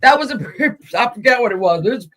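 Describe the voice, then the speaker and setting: A man's voice: very high-pitched, animated, fast, fairly bright tone. A man hosting a casual live stream, chatting and greeting viewers by name as he goes. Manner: chatty, greets viewers mid-sentence, laughs easily.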